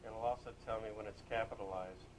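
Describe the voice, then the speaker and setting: A man demonstrating his own screen reader program, explaining it in a halting way with pauses and fillers. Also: fairly low pitch, fairly even intonation, a little hiss or hum, rough recording. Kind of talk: casual software demonstration.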